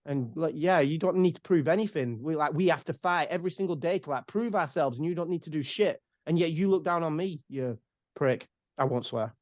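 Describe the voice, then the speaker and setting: A man's voice: fairly high pitch, brisk, a little mellow, dry recording, dull audio. Sweary young English man ranting. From England. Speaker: podcast guest, rapper. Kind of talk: casual ranting chat.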